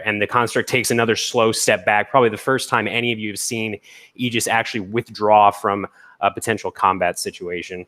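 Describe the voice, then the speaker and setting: A game master narrating a tabletop scene in a measured, descriptive way. His voice sits low, with a bright, forceful edge. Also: fairly even intonation.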